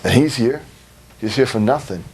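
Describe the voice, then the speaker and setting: A man's voice: mid-range voice, animated, normal speed, gravelly, darkish tone, slight background noise. A man giving a blunt, rambling interview, swearing freely and laughing between stories. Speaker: interviewee, wrestler. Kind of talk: casual profane interview. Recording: recorded in 2002.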